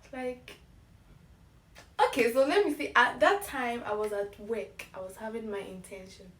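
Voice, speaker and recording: A young woman from Ghana tells a story to her camera in a casual, animated way, with frequent laughs. Her voice sits a little high. The sound is roomy, and she is some distance from the mic. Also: normal speed. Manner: animated, laughing, acts out emails in bright voices. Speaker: vlogger.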